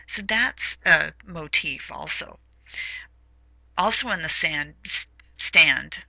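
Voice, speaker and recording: A woman's voice: low-pitched, fairly even intonation, slow, gravelly, sharp tone, dry recording, low-quality recording. A woman teaching a literature lesson in a recorded lecture, talking in a hesitant way with many fillers.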